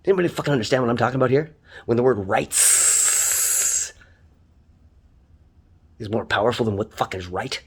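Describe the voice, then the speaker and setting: A man's voice: mid-range voice, animated, moderate pace, pauses often, slightly rough. A man from Canada, a taxi driver, delivering an angry, profane, heated monologue. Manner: swears constantly, ranting, heated. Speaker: taxi driver ranting online.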